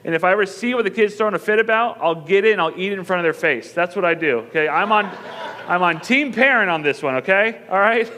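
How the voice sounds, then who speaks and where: Joking, emphatic preacher in a reverberant hall. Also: male voice, high-pitched, quick pace, sharp tone, slight background noise. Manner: conversational and joking, rising to emphatic bursts. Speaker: pastor. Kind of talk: sermon. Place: church auditorium.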